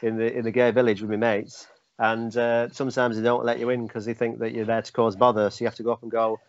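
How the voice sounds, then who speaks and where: A man's voice: mid-range voice, flat delivery, quick pace, no echo. A man who works as a comedian, chatting casually in a rambling, self-mocking, jokey way. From United Kingdom. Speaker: comedian guest. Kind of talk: casual podcast chat. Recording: dull lo-fi call audio.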